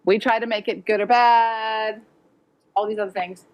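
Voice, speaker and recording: A woman's voice: a little high, fairly even intonation, normal speed, highs cut off. A woman educator giving a direct, practical conference talk to parents. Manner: direct, practical, acts out quoted voices. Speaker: educator presenting. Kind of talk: conference presentation. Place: conference hall with audience.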